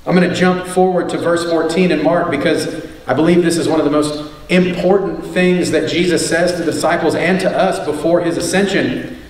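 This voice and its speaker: High-voiced preacher in an echoey church. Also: male voice, brisk. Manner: emphatic, repeats key lines, asks rhetorical questions. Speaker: preacher and teacher. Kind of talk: sermon. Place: church sanctuary. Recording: echoey room, far from the mic, faint noise.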